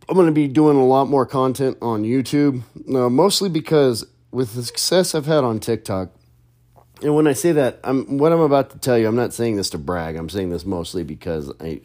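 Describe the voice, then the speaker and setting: A man's voice: mid-range voice, darkish tone. A young adult man and content creator, talking in a casual, chatty monologue full of restarts and fillers.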